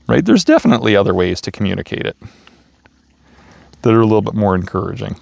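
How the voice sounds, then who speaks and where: A man giving a casual motivational talk, gentle and playful, chuckling as he stresses words. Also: lowish voice, expressive, brisk, gravelly, long pauses, no echo, clean studio sound. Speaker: self-help speaker. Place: outdoors feeding raccoons.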